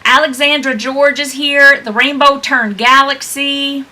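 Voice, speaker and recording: A woman's voice: sits high, steady tone, measured pace, pushed and bright. A woman co-hosting a book club livestream over a video call, chatty and laughing often. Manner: chatty, laughs often, reads out attendee names. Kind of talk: casual chat.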